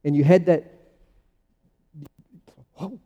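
A man's voice: a little high, fairly even intonation, takes it slowly, mellow, highs cut off. A man preaching a sermon in a conversational, emphatic way, with sudden rising bursts. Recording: long church reverb.

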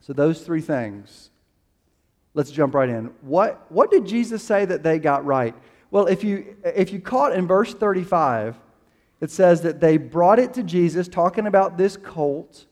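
A man's voice: on the high side, darkish tone, long reverb tail. A man preaching a sermon as pastor, telling a story casually with fillers and restarts.

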